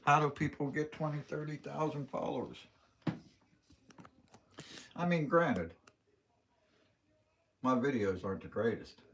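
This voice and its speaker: With a mid-range, slightly bright voice touched by vocal fry, a livestream host speaks at a measured pace and pauses often. He has a Western Pennsylvania accent and tells folksy, rambling stories plainly, over a little hiss or hum.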